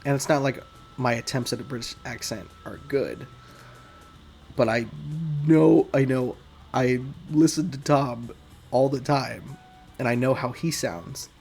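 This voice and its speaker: Slow gravelly-voiced man, game dev commentary. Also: mid-range voice, a little mellow, faint music behind. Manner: rambling, self-deprecating, laughs often. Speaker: game developer. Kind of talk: casual behind-the-scenes commentary.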